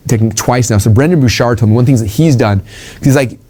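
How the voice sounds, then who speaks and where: A man's voice: mid-range voice, quick pace, mellow. A man giving an informal sales training talk, rambling with ums and restarts and acting out quoted conversations.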